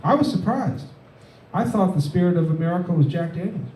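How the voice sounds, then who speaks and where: A man doing stand-up in a club, his voice somewhat raised yet mellow and dark. He drops deadpan one-liners between halting fillers, picked up from a distance in an echoey room with a faint hiss underneath. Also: high voice. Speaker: stand-up comedian. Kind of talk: stand-up set at an open mic. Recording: echoey room, mic heard from afar, faint noise.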